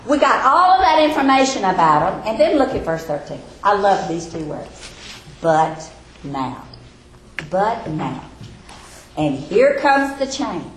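A woman preaching an expository sermon, emphatic and slowing down on key phrases. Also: a little high, slight background noise. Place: church or classroom with a board. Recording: echoey room with faint ambience.

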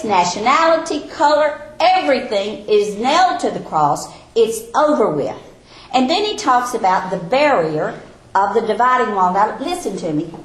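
A woman preaching an expository sermon, emphatic and slowing down on key phrases. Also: fairly high pitch. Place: church or classroom with a board. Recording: echoey room with faint ambience.

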